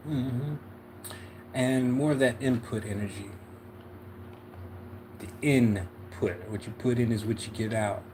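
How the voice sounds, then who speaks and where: A relaxed man from Philadelphia talks his way through a tarot spread on a livestream, slangy and unhurried. His voice sits at an ordinary middle pitch. A faint hum runs under the recording. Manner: laid-back, slangy, often asks "you know what I'm saying". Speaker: tarot reader, livestream host. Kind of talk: casual livestream tarot reading.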